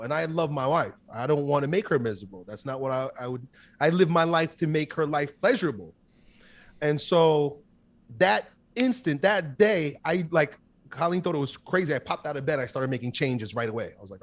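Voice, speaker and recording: Intense guy in his 30s, kinda higher voice, talks in quick emphatic bursts. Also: lively intonation. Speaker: guest. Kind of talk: candid interview storytelling.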